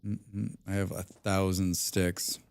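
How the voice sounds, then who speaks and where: Another survival-game streamer, this man has a deep voice with vocal fry and a flat delivery, taking things slowly. He's chatty, addressing himself and his viewers and repeating phrases, and the recording has no echo.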